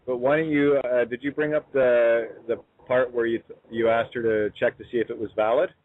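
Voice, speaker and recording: A man hosting a talk show who speaks haltingly with many fillers and breaks in on his guest. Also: medium pitch, level tone, no echo. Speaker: host. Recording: tinny phone line.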